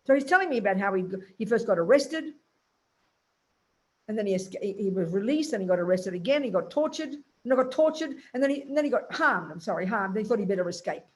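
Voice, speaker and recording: A woman Buddhist nun giving a teaching talk in a blunt, emphatic, colloquial way. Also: on the high side.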